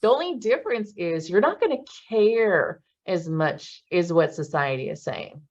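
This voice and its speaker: A woman facilitating a self-help class in casual talk, blunt and profane, with animated bursts. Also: on the low side, moderate pace, dull audio.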